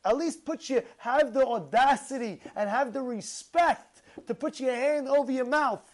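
Male speaker, informal sermon, animated and questioning, stumbles and repeats as he goes. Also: very high-pitched, moderate pace. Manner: animated, full of rhetorical questions; repeats and restarts words. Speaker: religious speaker. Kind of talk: informal religious talk.

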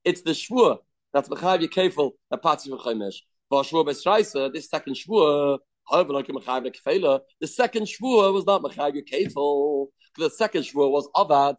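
A man's voice: fairly high pitch, expressive, moderate pace. A man teaching a daily Talmud class, explaining step by step, putting questions and answering them himself. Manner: mixes English with Hebrew and Aramaic terms.

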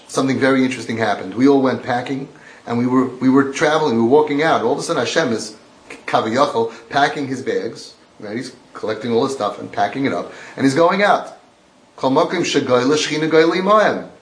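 A man's voice: mid-range voice, brisk. A man giving a sermon-style religious lecture, emphatic and repetitive, quoting from texts. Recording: roomy echo.

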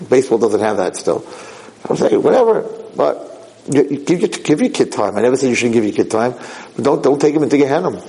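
A man giving a casual, animated Torah talk, telling a parable with quick asides. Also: medium pitch, poor audio. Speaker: rabbi lecturer.

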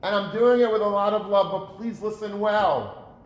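A man's voice: sits high, moderate pace. A man giving an earnest sermon, asking rhetorical questions and repeating words for emphasis. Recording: roomy echo.

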